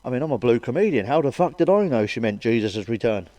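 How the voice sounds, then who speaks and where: Man telling crude, sweary jokes, on a dry recording. He keeps asking "you know what I mean" and laughs at his own punchlines. His voice sits in an ordinary middle pitch. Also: animated, fast, mellow, no room sound. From Wales. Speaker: comedian. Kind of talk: crude stand-up joke telling.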